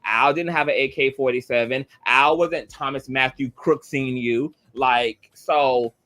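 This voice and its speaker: A man's voice: a little high, fairly bright tone. Blunt, profane male commentator. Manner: blunt, profane, repeats points for emphasis. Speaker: online commentator. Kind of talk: heated commentary monologue.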